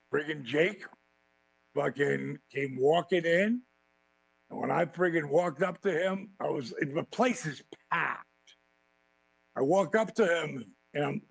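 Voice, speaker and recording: Gravelly, husky man telling wild stories. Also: fairly high pitch, no echo, poor audio. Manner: animated, swearing freely, acts out quotes. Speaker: podcast guest, former wrestling champion. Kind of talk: profane storytelling in a podcast interview.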